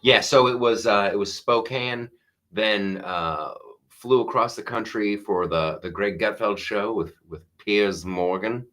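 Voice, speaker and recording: A middle-aged man holds forth in a loose, rambling comedy monologue, often restarting his sentences. His voice is bright and forward, and his tone stays sarcastic and offhand. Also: on the low side, a little slow, faint music behind. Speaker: comedian podcast host. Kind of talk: casual monologue.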